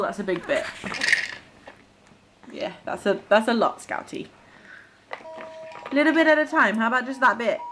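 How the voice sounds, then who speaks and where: A woman's voice: mid-range voice, a bit bright, slight background noise, rough recording. Chatty young mum feeding her baby. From Cheshire, England. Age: young adult. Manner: chatty, coaxing baby talk while feeding her son. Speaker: family vlogger and mother. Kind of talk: casual vlog chat. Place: at home.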